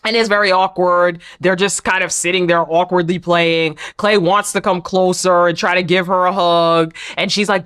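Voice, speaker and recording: A woman hosting a casual, opinionated reality show recap, sassy and quick to act out what people said. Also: fairly low pitch. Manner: sassy, animated, acts out quotes.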